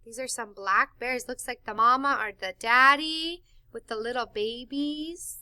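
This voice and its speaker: A woman reading a picture book aloud to children in an animated, sing-song way, stopping to explain words. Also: fairly high pitch, a little slow, clear, resonant tone, no echo. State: tickle in her throat. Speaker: storytime reader for children.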